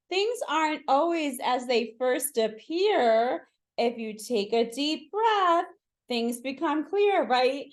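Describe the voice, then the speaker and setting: A woman reading a picture book aloud to children, pausing to ask listeners to fill in the words. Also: high-pitched. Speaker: children's story reader.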